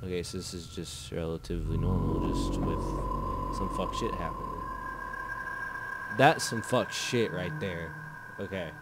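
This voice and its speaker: Deep-voiced man swearing through a game. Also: fairly even intonation, unhurried, pauses often, heavy background noise. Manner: swears a lot, reads game text aloud. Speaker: gamer. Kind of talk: let's play commentary.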